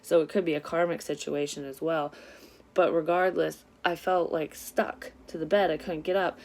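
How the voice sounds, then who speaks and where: A woman talks through a casual tarot reading vlog as a psychic reader. Her voice sits low for a woman. She tells her story candidly and swears freely. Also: flat delivery, normal speed, a little mellow.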